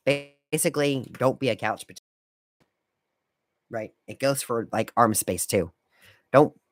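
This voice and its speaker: A man with a fairly low voice hosts a casual solo podcast, recorded close and dry with no room sound. He lays out rules in a wry, lightly lecturing way. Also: no echo. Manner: wry, lecturing etiquette tips. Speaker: podcast host.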